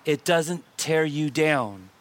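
A male pastor preaching a sermon, lively and emphatic, often repeating his key points. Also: on the high side, slow pace. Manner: animated preaching with shifts of emphasis and repetition.

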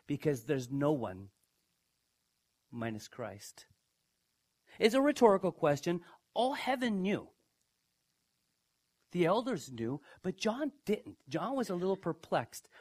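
A man preaching a sermon, emphatic, who asks his listeners questions and swings from hushed to loud. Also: sing-song, unhurried. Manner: emphatic, dramatic swings in pitch and loudness. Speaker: pastor.

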